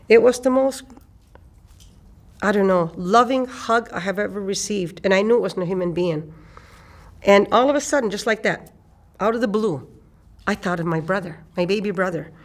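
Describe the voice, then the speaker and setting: This elder is an older woman from eastern Canada whose voice falls at a medium pitch. She tells her personal story slowly, returning to certain phrases to emphasize them.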